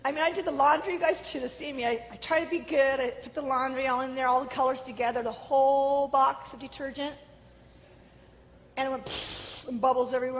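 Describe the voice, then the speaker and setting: High-voiced woman telling her story. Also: brisk. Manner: acts out quoted voices, shifts from lively to low and subdued. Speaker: speaker giving a testimony. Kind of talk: animated personal testimony. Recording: hall reverb with faint background noise.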